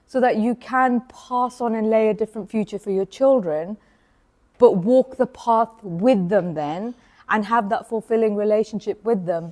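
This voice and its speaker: A woman's voice: medium pitch, dark tone. A woman, giving an earnest personal talk at an event and acting out the voices she quotes. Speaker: event speaker. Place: event hall.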